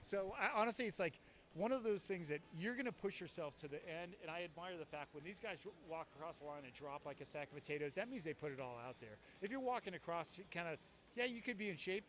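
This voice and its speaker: A man's voice: fairly high pitch, animated, fast talker, a bit bright, a little hiss or hum. A man giving color commentary at a live fitness competition, plainspoken and folksy.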